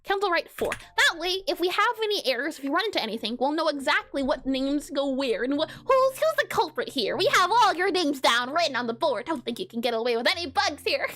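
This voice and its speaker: A woman's voice: sits high, animated, fairly quick, few pauses, fairly bright tone. A woman game developer chatting casually and playfully on a live coding stream, often giggling.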